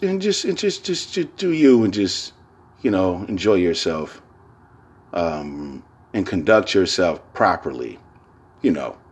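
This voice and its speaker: A man's voice: a bass voice, husky. A man hosting his own podcast, talking in a loose, rambling, profane monologue full of slang, repeating filler phrases and laughing often. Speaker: podcast host. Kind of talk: casual solo podcast monologue.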